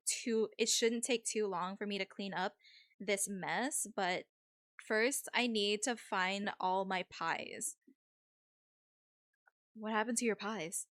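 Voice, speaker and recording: A woman's voice: medium pitch, fairly bright tone, dry recording, studio quality. A woman putting on a vain Valley-girl witch. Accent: put-on Valley girl. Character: airy stylish young witch girl, vain.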